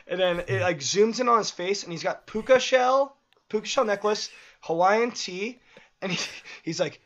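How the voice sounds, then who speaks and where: Young guy, high voice, rambling casual storyteller full of fillers. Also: lively intonation, moderate pace, fairly bright tone, highs cut off. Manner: rambling storyteller, many likes and laughs. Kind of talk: casual chat.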